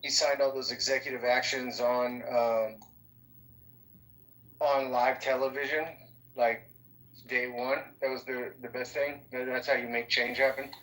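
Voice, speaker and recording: A man calling into a political panel, talking casually and hesitantly with many pauses and ums. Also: medium pitch, level tone, fairly bright tone, low-quality recording. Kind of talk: casual chat.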